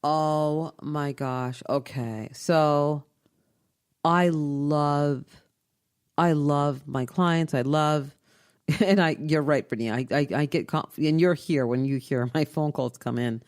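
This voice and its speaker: Low-voiced animated woman telling stories. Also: slow. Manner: animated, repeats herself, laughs often. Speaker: podcast host and inventor. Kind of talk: casual storytelling chat.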